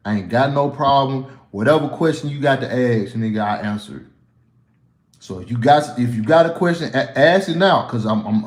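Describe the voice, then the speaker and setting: Casting note: mid-pitched Southern man, casual livestream Q&A, loose and cussing, plenty of restarts, echoey room. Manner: blunt, profane, rambling with frequent restarts. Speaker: comedian answering viewer questions.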